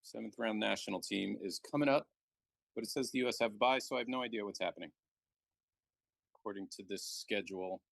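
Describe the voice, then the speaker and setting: A man commentating a live backgammon match, joking and relaxed as he banters with his co-host. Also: lowish voice, brisk, creaky, no room sound.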